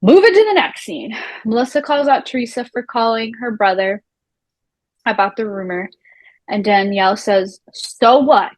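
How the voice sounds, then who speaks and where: A woman's voice: mid-range voice, normal speed, no room sound, low-quality recording. Woman chatting in a dry, close sound. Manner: animated, swears casually, mimics the people she quotes. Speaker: recap show co-host. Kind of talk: casual TV recap chat.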